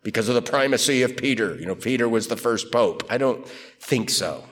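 A man with a medium-pitched voice preaches briskly through a Bible passage verse by verse, conversational and emphatic. This lively expository teaching often turns to rhetorical questions, with slight background noise behind him.

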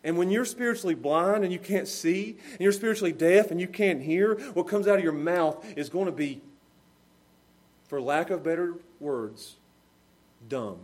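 High-pitched guy preaching, loud then soft, real emphatic. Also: normal speed. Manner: emphatic preaching, rising and falling in volume; laughs at his own examples. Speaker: pastor. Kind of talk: sermon.

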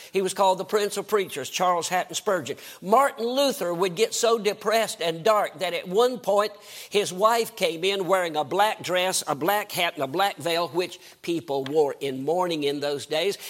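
An older man, preaching a sermon in a folksy, storytelling way with dramatic swings in pitch. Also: fairly bright tone. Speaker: guest preacher.

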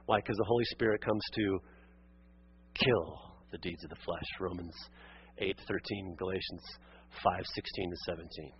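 A man preaching a sermon as pastor, earnest and exhorting, calling listeners friend and beloved, rising to emphatic peaks and dropping to quiet asides. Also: low voice, moderate pace, highs cut off, a little hiss or hum. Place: church sanctuary.

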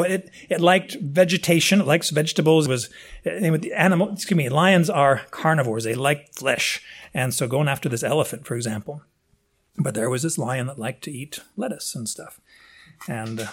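A man with a fairly high voice preaches a sermon, talking as if chatting with his congregation. He trails into asides, restarts his phrases and leaps upward in pitch when he stresses a point. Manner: conversational and digressive, with frequent restarts and asides; animated, with big swings in pitch for emphasis. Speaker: pastor.

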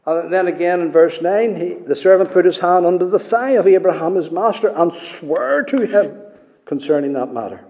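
A man preaching a sermon with a preaching cadence, moving between hushed passages and loud ones. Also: sits high, animated, moderate pace, lo-fi sound. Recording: echoey hall with long reverb.

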